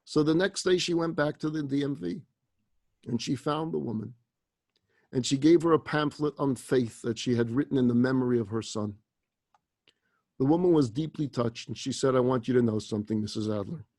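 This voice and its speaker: A man, a rabbi, telling a story in a sermon, shifting dramatically between hushed and loud. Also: medium pitch, moderate pace, no room sound.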